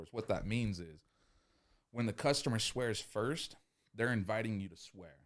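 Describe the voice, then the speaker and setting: Low-voiced man ranting casually, lots of swearing. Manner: profane, rambling, acts out customer scenes. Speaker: podcast host. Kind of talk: casual sales-tips podcast monologue.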